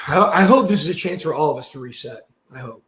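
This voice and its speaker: A man on a live stream, reading a document aloud and breaking into heated, shouted asides. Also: a little high, lively intonation, a little fast, echoey room. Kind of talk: livestream monologue reading out a document.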